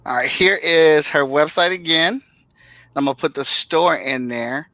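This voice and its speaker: Host with a bright voice, easygoing, dry close sound. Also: mid-range voice, unhurried, dry recording, poor audio. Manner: brief, easygoing replies. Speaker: show host. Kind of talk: casual chat.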